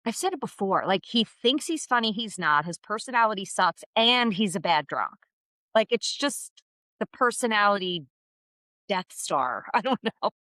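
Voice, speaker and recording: A woman trades blunt, opinionated gossip in a casual podcast chat. Her voice is bright and forceful. It is recorded close and dry, with no room sound. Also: mid-range voice, normal speed, no room sound. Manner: blunt, opinionated, animated storytelling. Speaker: podcast co-host.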